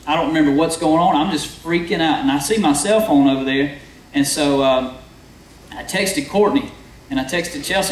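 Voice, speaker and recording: A young man delivers a conversational sermon and talks straight to the congregation. His voice sits a little high. It is recorded from afar in a roomy hall with a faint hiss underneath. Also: moderate pace. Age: young adult. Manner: conversational storytelling, addresses the crowd. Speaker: preacher. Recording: echoey hall from far off, faint noise.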